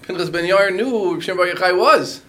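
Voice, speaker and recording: Man teaching Talmud, a touch high-pitched, explains steadily and slips in Aramaic and Hebrew phrases. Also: quick pace, fairly bright tone. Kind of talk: Talmud class lecture.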